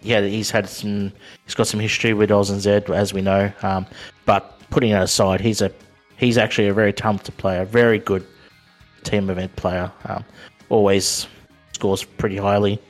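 A man co-hosting a casual gaming podcast, talking in halting bursts with many ums and restarts. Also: on the low side, flat delivery, faint music behind. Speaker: podcast co-host.

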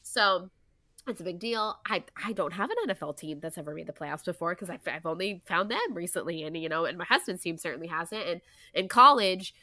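A young woman, co-hosting a casual podcast chat, animated and full of "like" and "you know". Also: fairly low pitch, brisk, dry recording. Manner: chatty and animated, many "like" and "you know" fillers. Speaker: podcast co-host.

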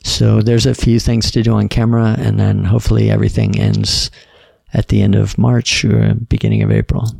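A middle-aged man, a podcast guest, telling stories in a relaxed, casual way and quoting other people's lines. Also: on the low side, a little fast, creaky, breathy edge, no echo, clean studio sound. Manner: laid-back storyteller, quotes others in dialogue. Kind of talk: casual storytelling.

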